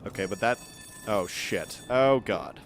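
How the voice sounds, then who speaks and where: A man's voice: lowish voice, unhurried, a little hiss or hum. A man streaming live gameplay, chatting and muttering to himself with frequent swearing.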